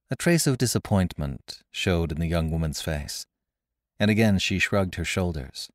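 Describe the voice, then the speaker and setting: A man narrating a classic story in a measured, expressive way, recorded close on a studio mic. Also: low voice, no room sound. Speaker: narrator and podcast host.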